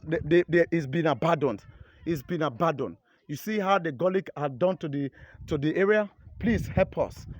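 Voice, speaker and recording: A Nigerian man with a notably high voice pleads urgently, repeating himself as he films outdoors. He talks into a handheld phone with faint background noise. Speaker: local resident filming his community. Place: outdoors by an eroded road.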